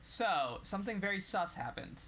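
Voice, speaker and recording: Bright-voiced man reading quotes on a podcast. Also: high voice, normal speed, slight background noise. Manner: relaxed, frequent agreeing fillers, reads quotes aloud. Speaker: podcast co-host. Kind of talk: casual history podcast chat.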